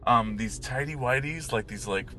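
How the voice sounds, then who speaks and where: A man's voice: mid-range voice, normal speed, pushed and bright, a little hiss or hum. A man in casual chat, telling a rambling story with lots of fillers and restarts.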